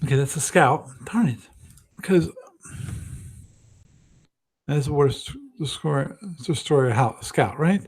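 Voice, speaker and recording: A man's voice: fairly high pitch, unhurried, long pauses, husky. Rambling, self-mocking man hosting a live stream. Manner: rambling, self-deprecating, thinks aloud with many restarts. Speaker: host of a gaming livestream. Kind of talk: casual live-stream commentary.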